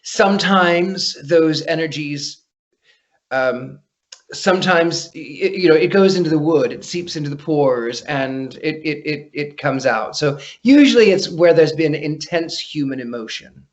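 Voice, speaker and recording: A man being interviewed as a psychic guest, telling stories in an animated way and often repeating his first words. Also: a little high, unhurried. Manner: animated, repeats words when starting sentences. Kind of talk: casual storytelling interview. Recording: dull lo-fi podcast audio.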